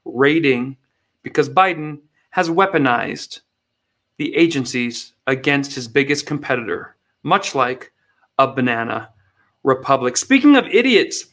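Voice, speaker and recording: A man's voice: mid-range voice, very animated, a little slow, a bit bright. A man hosting satirical political commentary in a mocking, sarcastic way. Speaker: comedy host.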